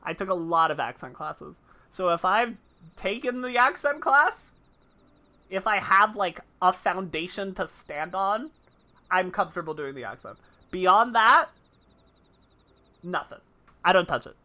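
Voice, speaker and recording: A woman's voice: lowish voice, expressive, a little slow, pauses often, pushed and bright. A woman streaming live, chatting casually and laughing easily while answering her chat.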